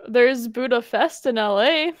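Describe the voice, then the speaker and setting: A teasing, playful woman joining a casual podcast chat. Her voice is a little high, and the recording is dry and close. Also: unhurried, no room sound. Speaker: guest, co-host's wife.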